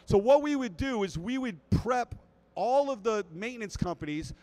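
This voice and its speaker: A man giving a lively talk at a fish convention, telling anecdotes and addressing the crowd directly. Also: very high voice, normal speed, low-quality recording. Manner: animated storyteller who acts out quotes. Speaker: guest speaker at a fish convention.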